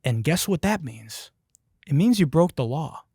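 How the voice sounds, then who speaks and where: A man's voice: on the high side, sing-song, a little slow, creaky, warm tone, husky, no echo, clean studio sound. A man from Detroit hosting a podcast, telling a story in a profane, emphatic way. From Detroit, United States. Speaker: podcast host. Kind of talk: comedic storytelling.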